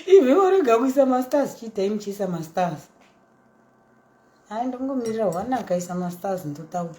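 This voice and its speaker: A woman in her thirties with a Zimbabwean accent, telling her story in a chatty, animated way that mixes English and Shona. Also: a little high, brisk, echoey room, slight background noise. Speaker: socialite vlogger. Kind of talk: casual storytelling monologue.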